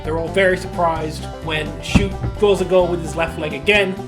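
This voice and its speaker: A man's voice: a little high, steady tone, moderate pace, over music. Sarcastic man recapping with laughs. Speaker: podcast co-host. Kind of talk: casual chat recapping an episode.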